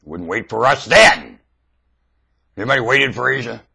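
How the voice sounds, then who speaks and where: Husky man ranting wildly into a webcam. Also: animated, normal speed. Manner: preachy, shouting, wildly swinging pitch. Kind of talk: webcam rant.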